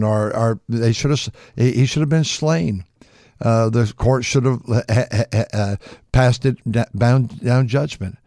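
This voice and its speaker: An older man, a pastor, preaching a folksy sermon with frequent restarts, acting out quoted voices in a higher pitch. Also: mellow, no room sound, studio quality.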